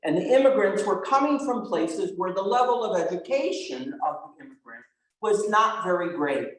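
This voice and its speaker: Lively high-voiced pastor in his sixties. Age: 60s. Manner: animated, asks the congregation questions. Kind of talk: sermon. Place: church sanctuary. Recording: echoey church sanctuary.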